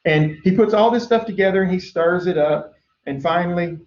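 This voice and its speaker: Recorded from a distance, a man with a high, slightly mellow voice teaches biology at a moderate pace. He's conversational, leans on "uh" fillers, and drifts into storytelling, acting out voices as he goes. The audio comes from an echoey room and sounds dull and lo-fi with faint hiss.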